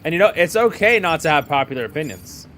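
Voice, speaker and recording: A man's voice: fairly high pitch, big pitch swings, fast, a bit bright, slight background noise. A young man giving jokey, chatty commentary while streaming a video game. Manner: jokey, chatty, laughs often. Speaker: gaming streamer. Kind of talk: casual gaming commentary.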